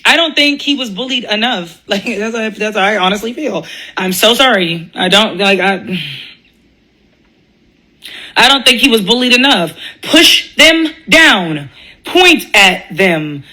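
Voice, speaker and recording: A woman's voice: mid-range voice, normal speed, long pauses, bright, forceful tone, rough recording. A woman ranting in a blunt, profane commentary monologue, laughing often and mocking other people's voices. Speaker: commentary vlogger.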